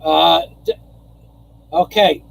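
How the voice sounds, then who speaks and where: Older guy from new york rambling on his live stream, kinda high voice, keeps repeating himself. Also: fairly even intonation, very slow, creaky, low-quality recording. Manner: rambling, repeats phrases, chuckles. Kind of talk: casual live-stream monologue.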